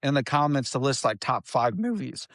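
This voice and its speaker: A man's voice: mid-range voice, very animated, moderate pace, fairly bright tone, no echo, studio quality. A man from Indiana co-hosting a podcast in casual chat, rambling and trailing off into restarts as he talks. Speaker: podcast co-host.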